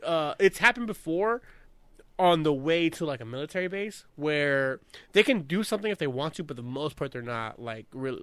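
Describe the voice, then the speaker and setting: Bright-voiced young man telling stories. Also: a little high, smooth, no room sound. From California. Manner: profane, laughing, animated anecdote-teller. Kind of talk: casual storytelling chat.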